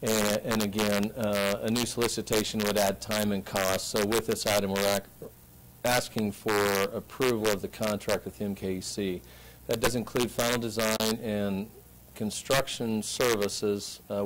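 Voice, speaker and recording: A city staff member explains a contract to the council. His voice is low and very flat, and he stays plain and matter-of-fact. Faint room noise sits behind him. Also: poor audio. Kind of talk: staff presentation. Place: council chamber.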